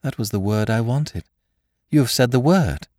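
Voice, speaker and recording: A man voicing an excitable, nervous young curate who talks in trembling, feverish agitation. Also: fairly low pitch, moderate pace, no room sound, pitched above the performer's own voice, natural voice. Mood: urgent.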